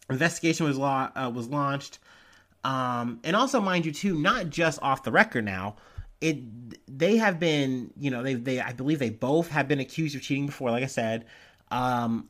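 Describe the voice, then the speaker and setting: A man's voice: mid-range voice, fairly bright tone. A man from Ohio talks through a news story as a podcast host. He rambles loosely, with plenty of ums, profanity and chuckling asides. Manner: rambling, profane, with frequent fillers and laughs. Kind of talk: casual news commentary.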